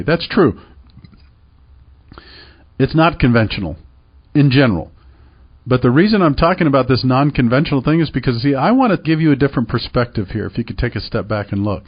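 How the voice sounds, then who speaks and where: A man's voice: medium pitch, animated, brisk, long pauses, husky, lo-fi sound. A middle-aged man hosting a radio show about real estate, talking in an emphatic, persuasive way that repeats points and asks rhetorical questions. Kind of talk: call-to-action radio talk.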